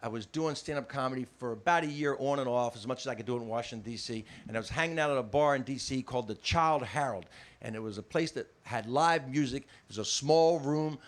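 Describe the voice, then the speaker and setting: An older man from New Jersey telling a stand-up story, animated, laughing as he goes and shouting out the lines he quotes. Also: mid-range voice, fast talker. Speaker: stand-up comedian.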